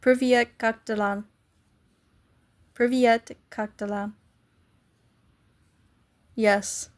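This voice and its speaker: A woman's voice: on the high side, fairly even intonation, drawn-out words. A woman live streaming, chatting casually with viewers and playfully trying to pronounce foreign greetings.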